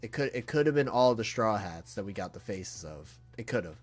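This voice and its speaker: A man streaming a live reaction, awestruck and emotional, talking in halting bursts that trail off and restart. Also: fairly low pitch, expressive. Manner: emotional and earnest. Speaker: streamer reacting to a comic chapter.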